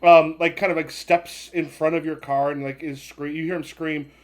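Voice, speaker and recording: A man runs a tabletop game as its game master, his voice sitting a little high. He narrates in a rambling, halting way, full of fillers and restarts. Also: level tone.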